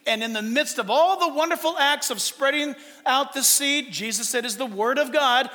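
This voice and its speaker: High-voiced preaching man, echoing church. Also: moderate pace, pushed and bright. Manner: emphatic preaching with rhetorical questions. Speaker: pastor. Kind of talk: sermon.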